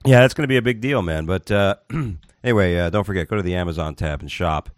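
A man's voice: low voice, fast talker, dry recording, clean studio sound. A man co-hosting a podcast in casual chat, rambling and joking. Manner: rambling, jokey, puts on silly voices. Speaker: podcast co-host.

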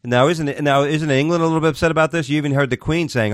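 A man's voice: fairly high pitch, steady tone, very fast, dry recording, studio quality. A man co-hosting a podcast in casual chat, rambling and joking. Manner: rambling, jokey, puts on silly voices. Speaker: podcast co-host.

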